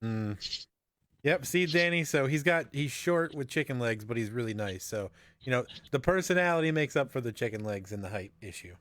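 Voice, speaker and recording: A man hosting a casual chat, relaxed and laughing often. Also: medium pitch, normal speed. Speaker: podcast host.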